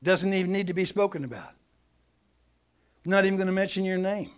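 A middle-aged man preaching a sermon, teaching with animated emphasis that swings between loud and soft. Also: sits high, fairly quick, clean tone.

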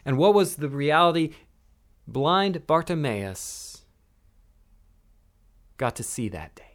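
A man preaching a sermon, swinging between soft, hushed lines and loud, emphatic ones. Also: fairly high pitch. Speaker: pastor.

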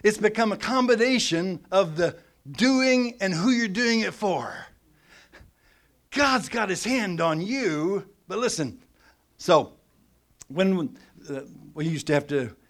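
A middle-aged man preaching a sermon, teaching with animated emphasis that swings between loud and soft. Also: on the high side, unhurried.

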